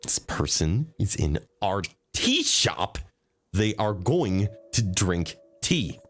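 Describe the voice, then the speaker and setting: A man's voice: lowish voice, sing-song, takes it slowly, full character voice. A man voicing a grumpy former woman warrior turned reluctant tea shop keeper, blunt and irritated. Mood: stubborn.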